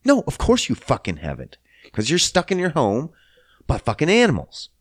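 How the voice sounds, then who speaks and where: A man's voice: fairly high pitch, wildly swooping pitch, moderate pace, no echo, studio quality. Heated, swearing man ranting. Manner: heated, blunt, swears a lot. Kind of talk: profane ranting monologue.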